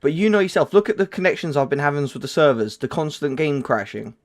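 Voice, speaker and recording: A man hosts his own livestream, chatting casually about a game with a fairly high voice, lively intonation and a quick pace. He rambles, leaning on plenty of fillers and frequent restarts.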